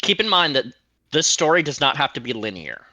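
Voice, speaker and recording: A man acting as game master of a tabletop role-playing game, explaining the rules in a relaxed way. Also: fairly high pitch, brisk, no echo. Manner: relaxed, explanatory, laughs easily.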